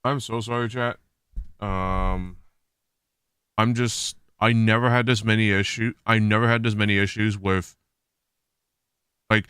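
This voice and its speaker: A man's voice: on the low side, normal speed, long pauses, a bit bright, smooth, dry recording, clean studio sound. A man chatting on a live stream, rambling and restarting his sentences as he gets fed up with technical problems. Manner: rambling, restarting sentences, exasperated about tech issues. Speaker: streamer hosting a watch party. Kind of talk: casual live-stream chat.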